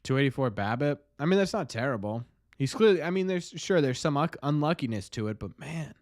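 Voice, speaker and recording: This young streamer, hosting game commentary and reading live chat, speaks fairly quickly in a medium-pitched voice with lively intonation. His talk to viewers comes in rambling, exasperated bursts with frequent restarts, captured dry at studio quality.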